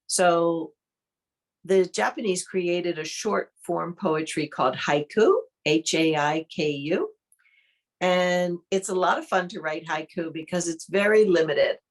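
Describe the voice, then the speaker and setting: A woman with a notably low voice leads an art workshop in a slow, unhurried way. She talks through each step calmly as she demonstrates it. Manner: calm, unhurried, thinks aloud while demonstrating. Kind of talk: online interactive workshop teaching.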